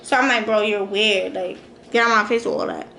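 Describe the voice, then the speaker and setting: A young adult woman vlogger, telling a storytime with animated, slangy quotes. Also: medium pitch, brisk, gravelly, echoey room, slight background noise. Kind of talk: storytime vlog.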